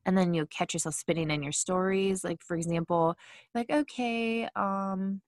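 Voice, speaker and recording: A woman giving a casual mindfulness talk, chatty and quick to act out inner thoughts in little voices. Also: on the low side, steady tone, darkish tone, dry recording, clean studio sound. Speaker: mindfulness speaker.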